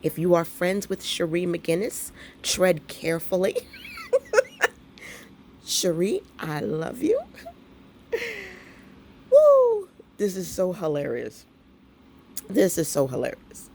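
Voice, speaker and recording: A woman's voice: fairly low pitch, expressive, a little slow, darkish tone, a little hiss or hum. A middle-aged woman, telling a story to her viewers at home with lots of laughter and y'all. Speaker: craft vlogger. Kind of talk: casual chat to camera.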